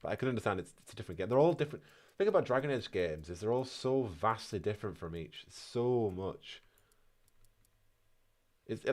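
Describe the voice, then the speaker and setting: A man from North Yorkshire, England, with a Yorkshire accent, chats casually while streaming a game and reading chat aloud. His voice is fairly low in pitch with a darkish tone.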